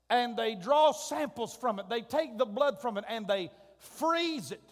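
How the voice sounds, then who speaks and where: A man preaching with a drawl, his voice strikingly high for a man and ringing through a long, echoing church hall. He spins a folksy, comic story and then climbs into drawn-out shouts at the big points. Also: expressive. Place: church sanctuary.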